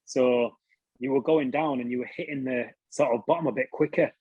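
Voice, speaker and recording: A man's voice: mid-range voice, steady tone, a little fast, a little mellow, slightly rough, dry recording, lo-fi sound. A British man telling stories as an interview guest, casually, swearing freely and laughing at himself. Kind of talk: casual storytelling.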